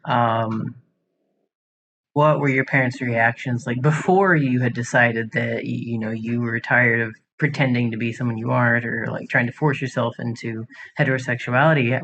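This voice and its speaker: A man interviewing a guest, supportive and quick with short affirmations. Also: medium pitch, a bit bright. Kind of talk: interview, listening and asking. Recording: dull audio with faint noise.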